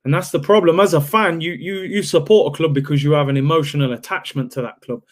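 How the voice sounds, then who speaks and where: A man's voice: on the high side, quick pace. A man hosting a casual podcast, speaking earnestly and giving his opinions in plain words. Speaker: podcast host.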